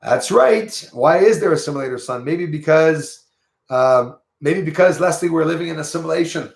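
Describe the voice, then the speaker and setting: A man's voice: a little high, moderate pace, vocal fry, reverberant. A man with a Quebec accent hosts a casual livestream, rambling and greeting viewers by name as he reads their comments. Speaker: livestream host.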